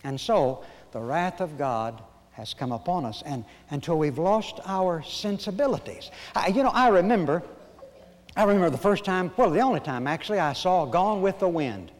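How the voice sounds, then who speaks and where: An older pastor delivers a sermon with a slightly raised pitch. He slides from homespun storytelling into slow, emphatic declarations punctuated by dramatic pauses. His voice rings out with the long reverb of a large hall. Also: lively intonation. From Arkansas, USA.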